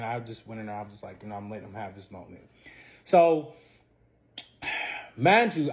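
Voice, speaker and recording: A man telling a long personal story in a casual vlog, animated and profane, his voice jumping from loud bursts to quiet asides. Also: mid-range voice.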